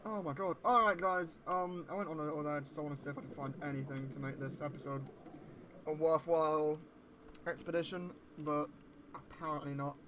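An excitable man gives gameplay commentary, swearing freely and breaking into sudden yelps when something scares him. His voice sits a little high and sounds bright and tense. A faint hiss runs under it. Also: brisk. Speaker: let's play gamer.

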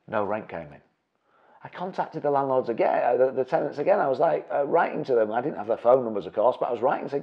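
A man's voice: medium pitch, lively intonation, a little fast, gravelly, slightly rough, dull audio. A middle-aged man teaching property investing through a personal story, acting out his own reactions with big jumps in voice. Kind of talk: storytelling presentation.

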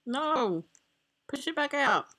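A woman's voice: high-pitched, lively intonation, slow, pushed and bright, no echo. A mother playing a game with her child, teasing and laughing, mock-exasperated. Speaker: gamer, mother. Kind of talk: casual gameplay chat.

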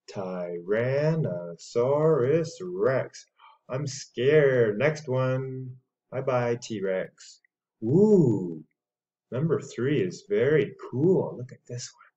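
A man teaching English to young children, reading dinosaur names slowly and playfully for them to repeat. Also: medium pitch, lively intonation, darkish tone, muffled recording. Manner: slow, drawn-out words for repeating; playful, voices the dinosaurs speaking.

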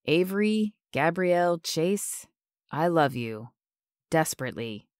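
A woman voicing a confident, tender young man in love, speaking low and softly. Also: animated, normal speed, no room sound, studio quality.

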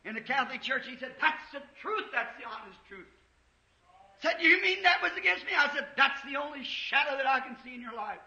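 A man preaching an impassioned revival sermon in a church, rising to shouts at the peaks. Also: very high voice, a little fast. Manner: impassioned, shouting at peaks, old-time Southern US preaching cadence. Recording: echoey church, dull 1950s tape.

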